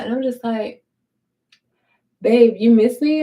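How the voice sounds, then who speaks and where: A woman's voice: on the high side, unhurried, warm tone. A young adult woman telling a blunt, profane storytime while doing her hair. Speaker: vlogger.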